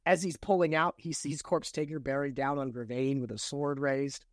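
A man's voice: medium pitch, moderate pace, no room sound. Dry, close man retelling a story. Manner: retells the plot, reads quoted passages aloud with lively emphasis. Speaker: podcast co-host recapping a novel. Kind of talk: casual book-recap chat.

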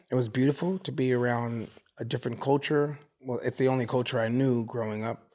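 A man in his forties, from the United States, telling stories as an interview guest and slipping into voices from his neighborhood. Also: medium pitch. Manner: animated storyteller who acts out neighborhood voices. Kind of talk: casual interview.

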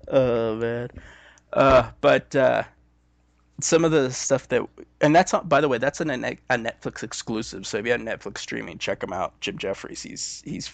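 Gravelly podcast co-host man. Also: mid-range voice, a little slow, no echo. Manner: laughs often, retells bits with gusto. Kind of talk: casual chat.

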